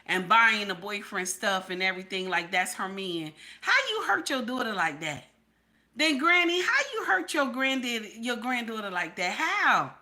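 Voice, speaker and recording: Woman, live-stream host, casual chat, blunt and profane, repeats herself, keeps asking okay, fairly high and bright voice. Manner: repeats her points over and over. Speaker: livestream host.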